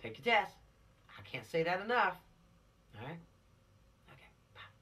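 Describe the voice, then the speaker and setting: A man's voice: high voice, very animated, normal speed, a bit bright, recorded from a distance. A man giving a casual spoken lesson to teenagers, preachy and direct, often asking rhetorical questions. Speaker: teacher of a law video series for teens.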